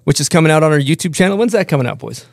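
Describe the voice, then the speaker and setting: Higher-voiced joking podcast host, a man. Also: lively intonation, creaky, dry recording, clean studio sound. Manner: joking, quick to laugh. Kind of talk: casual podcast chat.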